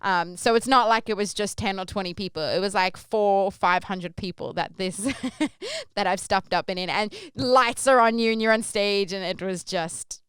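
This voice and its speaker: A young woman telling a story casually as a podcast host, animated and acting out the quoted voices. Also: medium pitch, normal speed, clear, resonant tone, dry recording, studio quality.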